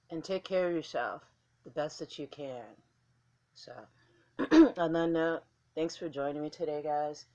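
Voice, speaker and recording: A woman's voice: sits low, a little mellow, muffled recording. A woman vlogger talking casually to camera in a blunt, candid way, swearing freely.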